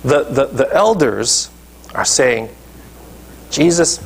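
A man's voice: a little high, animated, unhurried, slight background noise. A male pastor preaching a sermon emphatically, often checking in with his listeners. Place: church.

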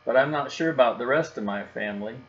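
A man's voice: mid-range voice, quick pace, lightly acted. A man doing a firm mother bear. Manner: firm, matter-of-fact. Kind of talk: storybook read-aloud. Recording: dull recording with faint hum.

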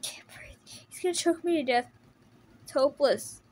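A woman's voice: fairly high pitch, moderate pace, slight background noise, lightly acted. A woman voicing a wounded, desperate teenage boy turtle who talks in pained, breathless bursts. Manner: breathless, pained, whispering at times. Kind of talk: fan audio drama voice acting.

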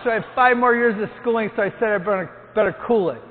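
A man's voice: sits high, fast, a little hiss or hum. A priest in his seventies, a hospital chaplain, telling jokey stories to his parish and acting out the quotes. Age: 70s. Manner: storytelling, jokey, acts out quotes loudly. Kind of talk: humorous talk to a parish gathering. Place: church. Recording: tinny, with long hall echo.

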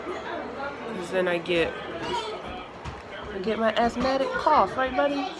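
Coughing young woman chatting lively at home. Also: a little high, slow pace, over a noisy crowd. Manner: chatty, talks to viewers as "y'all", teasing the kids. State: coughing and congested. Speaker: vlogger. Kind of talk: casual home vlog chat. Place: home at a family holiday gathering.

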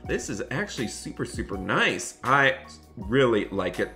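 A man playing a dad in an animated game roleplay, excitable and often scolding his son. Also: medium pitch, normal speed, faint music behind.

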